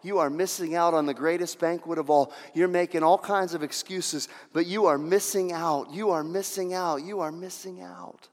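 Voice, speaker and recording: A man's voice: fairly high pitch, fairly even intonation, moderate pace, hardly any pauses. Emphatic male pastor preaching in a hall. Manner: emphatic, repeats lines for effect, swings from hushed to shouting. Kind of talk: sermon.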